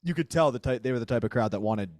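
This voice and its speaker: A man, a stand-up comedian co-hosting a podcast, talking in a dry, irritable, deadpan way. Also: mid-range voice, rapid-fire, dry recording. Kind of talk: casual comedic chat.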